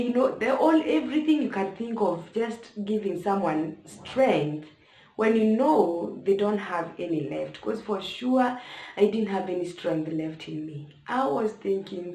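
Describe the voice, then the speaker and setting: With a dark, expressive, medium-pitched voice, a young Kenyan-accented woman slowly tells an emotional personal story to camera. She speaks directly to her viewers, and the recording has an echoey room sound.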